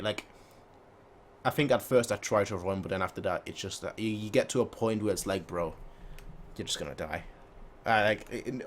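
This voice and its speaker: A man's voice: lowish voice, a little hiss or hum. A man hosting a casual manga read-along reaction, joking and throwing in sound effects between the lines he reads.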